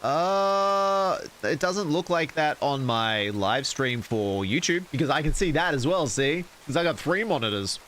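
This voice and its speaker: A man's voice: on the high side, lively intonation, measured pace, few pauses, fairly bright tone, slight background noise, rough recording. A man streaming, casually reading a horror story aloud and cracking jokes to chat. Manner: casual, wisecracking asides to chat.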